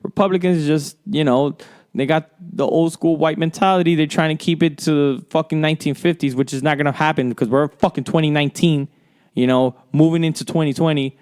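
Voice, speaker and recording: Male sports podcast host, heated profane solo rant, smooth resonant voice. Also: fairly high pitch, steady tone, a little fast, darkish tone.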